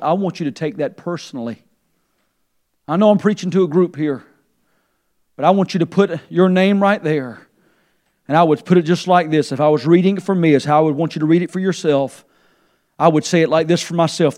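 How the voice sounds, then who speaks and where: A man, a pastor, preaching a sermon in a church. He rises to a near shout when quoting scripture and drops to a soft, low voice when leading prayer. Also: moderate pace. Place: church sanctuary.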